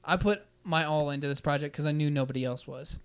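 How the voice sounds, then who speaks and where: Young dude on a podcast, kinda high voice, swearing a ton, loud when he acts out what people said. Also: quick pace, clear, resonant tone. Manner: animated, profane, acts out quotes loudly. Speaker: podcast host. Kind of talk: casual storytelling chat.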